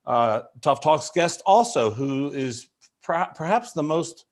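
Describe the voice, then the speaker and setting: A man's voice: a little high, animated, takes it slowly. A man hosting a podcast interview, talking in a casual, enthusiastic, chatty way with plenty of fillers. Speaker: podcast host.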